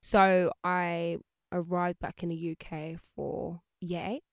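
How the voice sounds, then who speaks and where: A woman's voice: fairly low pitch, slow, no room sound, studio quality. A woman, a guest chatting casually in an interview and acting out the people she quotes. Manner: lively, acts out voices of people she quotes.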